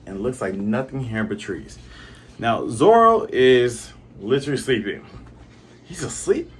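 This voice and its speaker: A man's voice: medium pitch, very animated, measured pace, slightly rough. A man casually recapping a comic chapter in a rambling, chatty way with many fillers. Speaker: comic reviewer.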